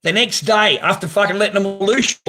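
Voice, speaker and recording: A man's voice: high-pitched, brisk, music in the background. A man hosting a live stream from his garage on a phone camera, talking casually in a blunt, profane, ranting way. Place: home garage.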